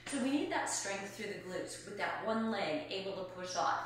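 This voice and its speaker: A woman's voice: mid-range voice, lively intonation, normal speed. A woman in her fifties, a fitness coach, demonstrating exercises at home as she talks, a little out of breath. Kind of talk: instructional exercise video. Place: room at home. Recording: echoey room from far off.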